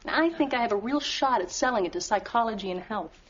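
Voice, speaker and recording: An actress playing a witty, determined writer and Marine wife who talks in a brisk, wry, persuasive way in an old TV sitcom. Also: female voice, fairly high pitch, expressive, lightly acted. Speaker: wife, journalist. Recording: dull hissy TV sitcom audio with studio audience.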